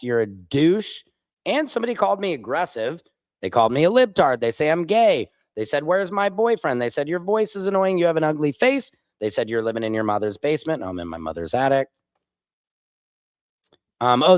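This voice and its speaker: A man's voice: mid-range voice, dry recording. A man hosting a live stream, reading chat comments aloud and answering them in a combative, sarcastic way. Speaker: livestream host.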